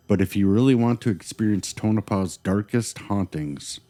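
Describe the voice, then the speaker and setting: A man's voice: lowish voice, normal speed, warm tone. A man co-hosting a paranormal podcast, telling eerie stories with dramatic, teasing delivery. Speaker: podcast co-host. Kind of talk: scripted paranormal podcast chat.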